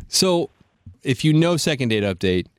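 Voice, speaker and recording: A male radio host in a dry, close studio sound, his pitch bouncing all over as he jokes and teases. He keeps the banter moving with playful asides. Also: moderate pace, smooth, no room sound. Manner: joking, teasing, lively interjections. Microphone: studio microphone.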